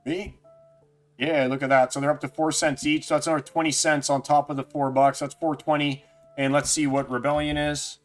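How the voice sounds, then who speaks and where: A man's voice: fairly high pitch, level tone, brisk. A man streaming live, chatting casually and jokily with viewers by name. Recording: faint music underneath.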